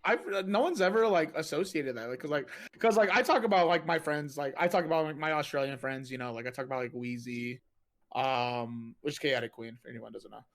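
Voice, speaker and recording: A man's voice: mid-range voice, a little fast. A man hosting a casual podcast, telling stories in a rambling way with lots of "like" and "you know". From United States. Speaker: podcast host and streamer.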